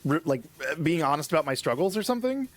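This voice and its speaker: A man's voice: on the high side, big pitch swings, fast talker, dry recording. A man in casual stream chat who rambles, laughs often and swears freely.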